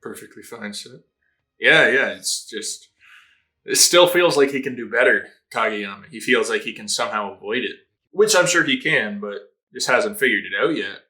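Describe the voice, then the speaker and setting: A man hosting a casual anime reaction, talking in an excitable, slangy way and swearing freely. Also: medium pitch, normal speed. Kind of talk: casual live reaction commentary.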